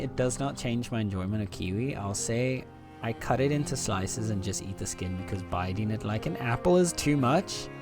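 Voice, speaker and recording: Playful, lively male game streamer. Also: medium pitch. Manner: playful, teasing, laughs often. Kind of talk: casual live-stream chat.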